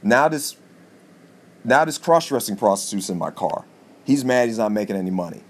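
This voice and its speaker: A male podcast host tells a rambling comic story, swearing freely. His pitch leaps upward whenever he stresses a point, which gives the monologue an animated, excitable edge. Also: normal speed. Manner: animated, profane, jumps in pitch for emphasis.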